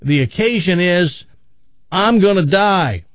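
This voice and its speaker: A man's voice: high voice, expressive, slow pace, no echo, voice pushed up. A man voicing a jovial, joking middle-aged father who toasts a crowd of friends. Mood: boisterous. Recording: slightly dull radio audio.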